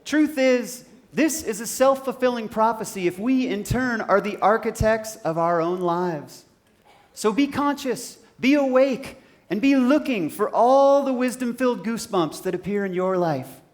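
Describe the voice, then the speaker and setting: A man giving an inspirational stage talk in a large hall, emphatic and repetitive, building up to shouting. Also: high voice, expressive, unhurried. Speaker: motivational speaker.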